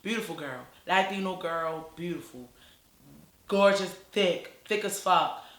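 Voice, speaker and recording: Woman vlogger, casual storytime, blunt and profane, bright tone, roomy echo. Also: fairly low pitch, a little slow.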